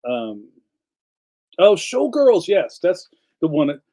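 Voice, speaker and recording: A man's voice: a little high, sing-song, slow, mellow, rough recording. Rambling man chatting with stream viewers. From Philadelphia. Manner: rambling, jumps between topics. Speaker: live stream host. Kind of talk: casual live-stream chat reading viewer comments. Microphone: streaming setup.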